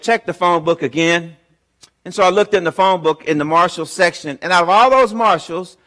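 A man in his fifties giving a chapel talk, telling a funny personal story with lively acted-out dialogue. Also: fairly high pitch. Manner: humorous, animated storyteller who acts out dialogue. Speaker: guest chapel speaker. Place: university chapel.

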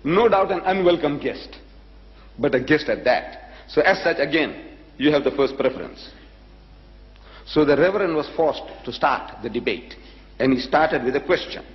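A man's voice: a little high, expressive. Older man telling a dramatic story. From South Africa. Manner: dramatic storyteller, acting out dialogue with pauses. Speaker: lecturer. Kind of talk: public lecture storytelling. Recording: echoey hall, dull lo-fi recording.

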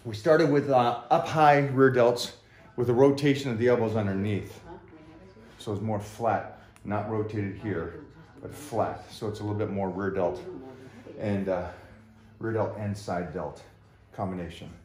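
A man coaching a workout in a gym, energetic and joking as he explains the exercises. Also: on the low side, measured pace. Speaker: fitness coach. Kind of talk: casual workout vlog coaching. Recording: roomy echoey gym.

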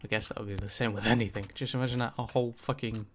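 A man's voice: lowish voice, fairly even intonation, very fast. Guy rambling over his gameplay, lots of ums and likes, swears now and then, faint noise behind. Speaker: gaming channel host. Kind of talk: casual gameplay commentary.

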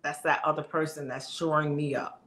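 A woman's voice: sits low, flat delivery, normal speed, a bit bright, slight background noise. A middle-aged woman coach giving an emphatic, conversational motivational talk straight to her viewers.

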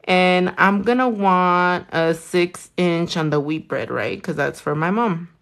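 A woman's voice: lowish voice, slow pace. A young woman telling a story in a casual chat while doing nails, talking in a chatty, profane way. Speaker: nail artist vlogger.

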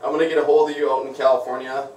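A man's voice: mid-range voice, little pitch movement, racing, darkish tone, recorded from a distance, a little hiss or hum. A young man from Minnesota with a Minnesotan accent, talking in an upbeat, chatty way full of "like" and "you know" on a casual vlog. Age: young adult. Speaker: vlogger. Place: bathroom with shower. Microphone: phone or tablet camera. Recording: echoey room, voice off-mic.

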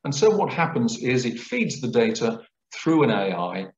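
Male lecturer, lively explanatory delivery, echoey lecture-room recording. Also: medium pitch, moderate pace. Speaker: guest lecturer. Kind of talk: public lecture. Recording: roomy, dull lecture recording.

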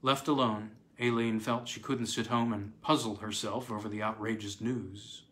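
Guy reading a spooky old story aloud, measured and dramatic. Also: lowish voice, steady tone, fairly bright tone. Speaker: reader. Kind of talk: scripted narration.

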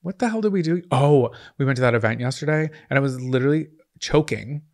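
A man's voice: medium pitch, quick pace, a little mellow. A man co-hosting a podcast, telling rambling stories in casual comedic chat. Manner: rambling, chatty storytelling. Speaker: podcast co-host.

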